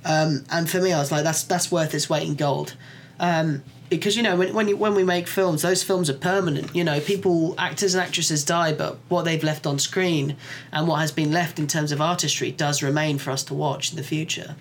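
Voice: mid-range voice, steady tone, a little fast, slight background noise. A podcast co-host in casual chat, enthusiastically recommending a show, swearing freely and using lots of fillers. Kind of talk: casual chat reviewing shows.

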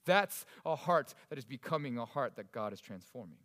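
A male pastor delivering a sermon, swinging between loud emphasis and hushed, soft passages. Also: mid-range voice, expressive, moderate pace, big-room sound.

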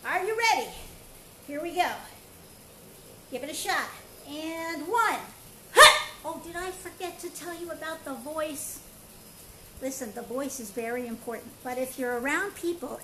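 A woman teaching a playful online karate and breathing class, coaching with counts and energetic shouts. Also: sits high. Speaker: karate and movement instructor. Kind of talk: live online exercise class. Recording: echoey room with faint ambient noise.

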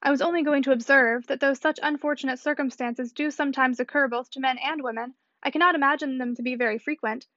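A woman voicing a reserved, composed young woman speaking gravely, in a slightly muffled dry recording. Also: high-pitched, steady tone, fast, hardly any pauses, bright, forceful tone, no room sound.

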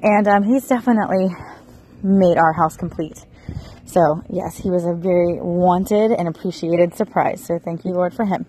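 A woman in her thirties from Florida, chatting casually to her viewers in an expressive vlog, recorded outdoors. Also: on the low side, normal speed, a little hiss or hum, rough recording. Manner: chatty and expressive, rising into excited bursts. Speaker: vlogger.

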